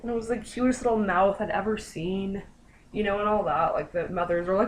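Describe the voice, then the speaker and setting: A woman's voice: medium pitch, a little fast, low-quality recording. Chatty young woman telling a story. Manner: chatty, lots of fillers, animated quoting. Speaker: vlogger. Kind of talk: casual storytelling.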